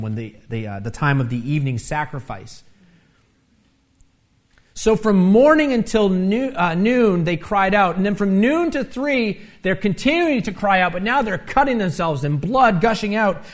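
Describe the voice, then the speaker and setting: Preacher, male, animated sermon delivery, slightly high voice, chatty asides. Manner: animated, rising loud when acting out the taunts; conversational asides with tag questions. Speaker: pastor.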